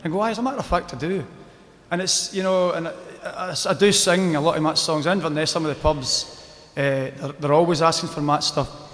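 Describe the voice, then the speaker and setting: Chatty Scottish folk singer, echoey live. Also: male voice, a little high, steady tone, normal speed, fairly bright tone. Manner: chatty, rambling, bursts into song. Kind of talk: storytelling between songs at a live gig. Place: outdoor square at a live event.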